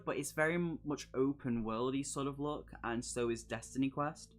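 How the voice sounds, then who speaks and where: A man's voice: mid-range voice, normal speed, few pauses. A man on a live stream, reading a solo gamebook aloud and breaking off for jokey asides and laughs. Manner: chatty and jokey, laughing asides between read passages.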